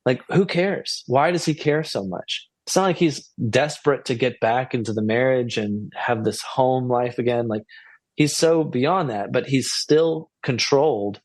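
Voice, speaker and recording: A man's voice: medium pitch, a little slow, a little mellow, no room sound. A man co-hosting a podcast, chatting casually and musing through a TV episode recap, rambling and asking questions. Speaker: podcast co-host.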